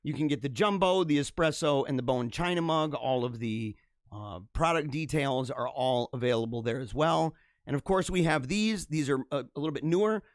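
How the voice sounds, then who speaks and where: Male stream host, lively up-and-down delivery, slightly high voice, rambling, casual, dry close sound. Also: no echo. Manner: rambling, animated, laughs often. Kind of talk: casual live-stream commentary. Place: home basement studio with green screen.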